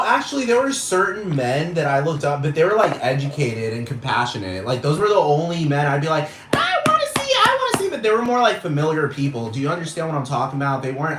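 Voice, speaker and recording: A man's voice: mid-range voice, fairly bright tone, roomy sound, slight background noise. A man ranting casually to camera in a vlog, swearing and emphatic, full of slang. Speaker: vlogger.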